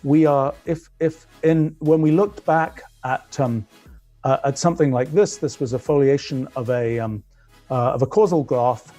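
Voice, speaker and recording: A man's voice: mid-range voice, measured pace, warm tone, lo-fi sound, faint music behind. A man with a British accent giving a technical physics lecture, thinking aloud with frequent restarts as he explains.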